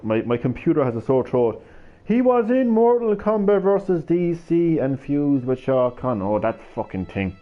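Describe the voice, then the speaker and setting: On a live stream, a man talks to viewers in a sing-song, slightly high voice at normal speed. He rambles, stammers, and curses casually, shifting between hyper and drowsy moods. The audio is slightly dull, lo-fi stream quality.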